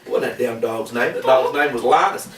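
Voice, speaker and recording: A man's voice: medium pitch, brisk. A man, spinning a folksy yarn at a party in rural slang. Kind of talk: casual storytelling at a party. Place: indoor room with a group. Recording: echoey room, distant mic, noisy.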